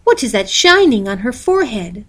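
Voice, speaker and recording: A spoiled, whiny young stepsister from a storybook, high and loud, played by a woman reading aloud. She sounds petulant and self-pitying. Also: sing-song, normal speed. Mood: startled.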